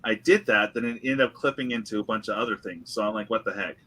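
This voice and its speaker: A young man hosting a casual live stream chat, animated and laughing often. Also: on the low side, quick pace, breathy edge. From California. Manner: animated, laughs often, drinks and toasts viewers. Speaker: host.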